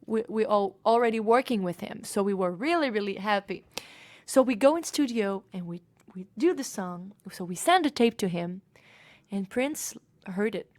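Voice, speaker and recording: A woman in her twenties, a singer being interviewed, telling a story in an animated way with sudden drops into whispers. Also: medium pitch, moderate pace, dry recording. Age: 20s.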